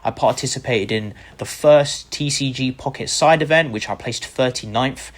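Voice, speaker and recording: A man from the UK is a guest on a chat show, telling the story of his career. His voice sits at an ordinary middle pitch, and he speaks with open enthusiasm and gratitude. When he quotes other people, he gives their lines a lively, animated voice. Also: moderate pace. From United Kingdom. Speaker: guest content creator. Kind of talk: casual interview storytelling.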